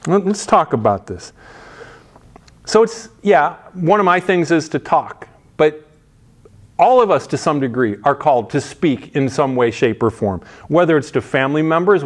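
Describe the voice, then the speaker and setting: Casual, emphatic male preacher. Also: fairly high pitch. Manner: casual and emphatic, with frequent restarts and asides. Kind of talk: conversational sermon.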